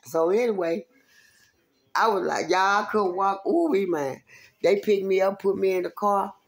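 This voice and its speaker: A woman telling a profane, animated story from her street days, acting out the quotes. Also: medium pitch, measured pace. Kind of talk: casual storytelling.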